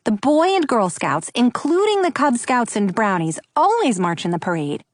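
A confident teenage girl full of big ideas , voiced by a woman reading a storybook. She talks briskly and eagerly, her pitch swinging widely, in a dry, close sound. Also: very animated, no echo. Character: confident teenage girl club leader, bold.

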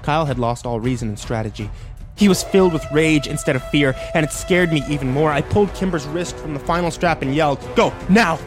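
A man narrating a dark first-person story in a tense, emotional way. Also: fairly high pitch, a little fast, over music.

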